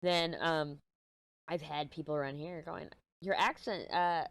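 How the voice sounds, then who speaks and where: This craft vlogger is a middle-aged woman from Texas whose accent comes through as she crafts and chats. Her low voice barely moves in pitch and keeps a measured pace, with a clear, resonant tone and no room sound. She drifts from subject to subject, curses casually, and seems a bit congested.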